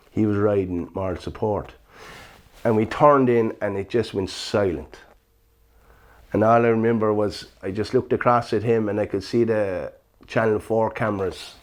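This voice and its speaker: A man, a former jockey recalling his racing days in a relaxed interview, full of "you know" and "sure, look". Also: fairly low pitch. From Ireland. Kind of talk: casual reminiscing interview.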